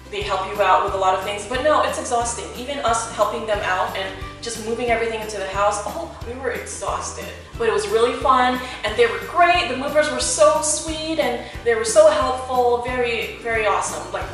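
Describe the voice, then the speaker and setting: A woman's voice: fairly high pitch, lively intonation, a little fast. A woman vlogger telling a storytime vlog in a chatty way, full of fillers. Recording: echoey room, distant mic, faint music.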